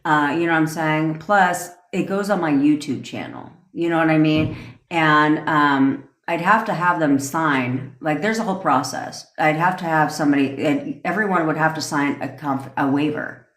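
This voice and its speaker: A woman's voice: deep voice, moderate pace, a bit bright, echoey room. A woman who coaches manifestation, chatting loosely on a livestream, swearing and laughing often between rambling points. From North America. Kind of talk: casual livestream chat.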